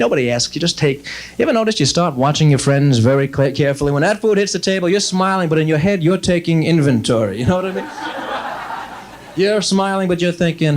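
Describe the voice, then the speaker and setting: A man doing stand-up comedy, chatty and rambling, talking straight to the audience and slipping into exasperated mock dialogue. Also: sits high.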